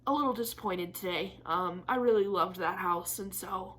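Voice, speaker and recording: A woman's voice: mid-range voice, moderate pace, a bit bright. A young woman chatting candidly to camera in a craft vlog, swearing casually and laughing often, teary and disappointed. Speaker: craft vlogger.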